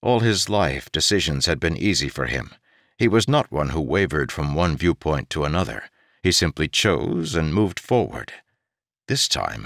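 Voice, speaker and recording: A man narrating an audiobook in an expressive way, his pitch rising and falling with the drama. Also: gravelly, no room sound, clean studio sound.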